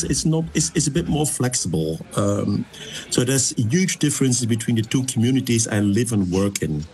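A man speaking as a linguist guest on a radio discussion, halting with many pauses and restarts. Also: mid-range voice, a little mellow. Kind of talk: expert discussion.

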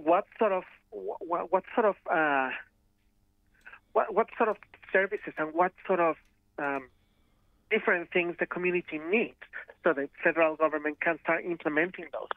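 A man's voice: sits high, creaky, no echo. Man from Australia over a tinny phone line, dry, hesitant, repeats himself. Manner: halting, repeats words while thinking. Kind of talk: casual discussion.

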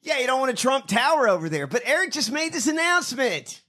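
A man co-hosting a casual comedic chat, joking, swearing and exclaiming loudly. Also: extremely high pitch, sing-song, quick pace. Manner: profane, loud exclamations, jokey.

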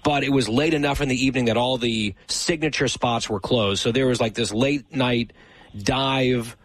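A man's voice: medium pitch, normal speed, dry recording, rough recording. A man hosting a show, chatting casually and telling stories with a wry, teasing manner. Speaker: show host. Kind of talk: casual chat.

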